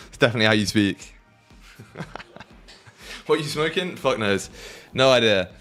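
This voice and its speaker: A young British man chats casually with his livestream audience while trading, cracking jokes and swearing freely. His voice sits at an ordinary pitch for a man. Faint music plays underneath. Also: lively intonation, normal speed, long pauses, fairly bright tone. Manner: banters with chat, swears freely, laughs often. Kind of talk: casual livestream chat with viewers.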